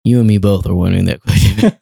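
A man's voice: lowish voice, big pitch swings, fast, creaky, dark tone, breathy edge. A young man, a guest actor in a casual podcast interview, telling stories animatedly and laughing often.

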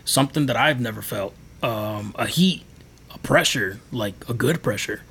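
His mid-range voice is creaky, husky, and fairly bright, at normal speed. As a podcast guest he shares his faith testimony in casual, earnest, rambling fashion, heavy on fillers.

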